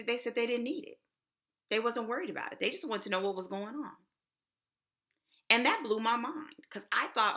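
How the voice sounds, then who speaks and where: A middle-aged woman from Houston, Texas, with a Texan accent, gives a chatty, emphatic conference talk as the presenter. Her voice is fairly high-pitched, bright, and forceful.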